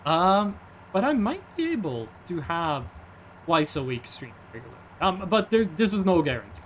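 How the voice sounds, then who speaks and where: A young man chatting casually while he streams a game, rambling and reading chat aloud. His voice sits high and swings widely in pitch. A faint hum sits behind him. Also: big pitch swings, moderate pace. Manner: rambling, reads chat aloud, jokey asides.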